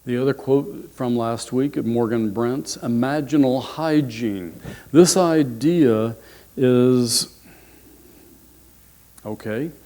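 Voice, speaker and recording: Male minister, sermon, mid-pitched voice, unhurried storyteller with expressive swings. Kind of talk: sermon with a told joke.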